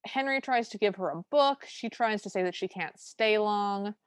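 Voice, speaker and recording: A woman's voice: medium pitch, moderate pace, clean tone, no echo. Woman recapping a film, dry sound. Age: adult. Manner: animated storytelling with quoted lines. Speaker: podcast co-host. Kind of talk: casual movie recap chat.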